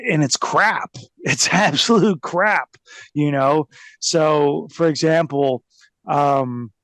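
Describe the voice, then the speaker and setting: A man's voice: on the high side, slow, a bit bright, no room sound. A man telling stories as an interview guest, rambling, laughing often and mocking things. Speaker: guest, former pro wrestler. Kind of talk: casual interview storytelling.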